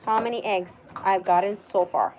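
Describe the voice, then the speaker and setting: A woman's voice: medium pitch, fairly even intonation, moderate pace, darkish tone, a little hiss or hum, low-quality recording. A woman, chatting casually and cheerfully with viewers on a live stream. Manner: chatty and upbeat, talks straight to viewers. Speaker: crafts livestreamer. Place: home, walking outdoors to a chicken coop.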